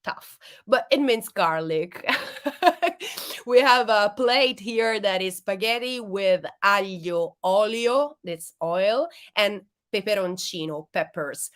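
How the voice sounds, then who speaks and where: An Italian-accented woman hosts a casual interview over a video call. Her Italian is her first language, and she laughs often as she moves between languages. Her voice sits at a middle pitch. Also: animated, slow, fairly bright tone. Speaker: interviewer and show host.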